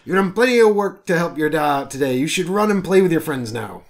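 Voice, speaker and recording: A man's voice: a little high, expressive, fast talker, voice pushed up, natural voice. A man voicing a burly, fatherly male dwarf baker in a thick, pirate-like put-on brogue, folksy and hearty.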